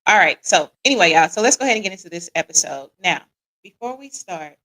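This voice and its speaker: A woman's voice: on the low side, lively intonation, fast talker, poor audio. Chatty American woman hosting a live show. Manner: warm, chatty, greets viewers by name; repeats "right?" as a tag. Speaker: podcast host. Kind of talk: live-stream talk show.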